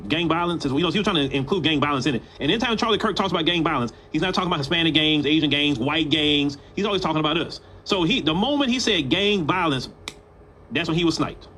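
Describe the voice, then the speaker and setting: Fast, bright-voiced male commentator. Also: fairly high pitch, a little hiss or hum, poor audio. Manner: animated, talks straight to the audience. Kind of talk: casual commentary.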